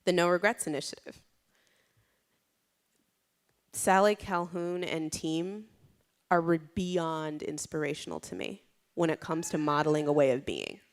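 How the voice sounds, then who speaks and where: A woman with a slightly low voice speaks at a conference in a loose, storytelling way. She sprinkles in "like" and "you know" and lifts her voice when she acts out what others said. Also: moderate pace. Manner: lively, dramatizes quotes with raised voice. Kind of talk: conversational keynote talk.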